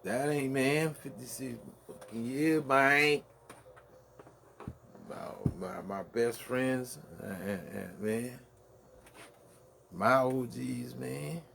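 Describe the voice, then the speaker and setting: A man's voice: mid-range voice, very slow, vocal fry, long pauses, fairly bright tone, a little hiss or hum. A man in his fifties, grieving, rambling profanely through a late-night monologue with many restarts. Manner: profane, meandering, restarts often. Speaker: vlogger.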